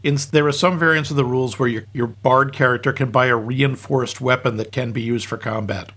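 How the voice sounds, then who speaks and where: A man's voice: medium pitch, fairly even intonation, a bit bright, slightly rough. A man co-hosting a casual movie review podcast, nerdy and wry. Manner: nerdy, wry, quick asides. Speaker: podcast co-host.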